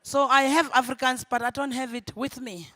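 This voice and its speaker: Young South African woman, Zulu first language, stand-up comic; lively and quick to laugh, loud punchlines and quiet asides, dry close sound. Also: high-pitched, no room sound. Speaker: stand-up comedian. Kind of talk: stand-up comedy set. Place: convention ballroom.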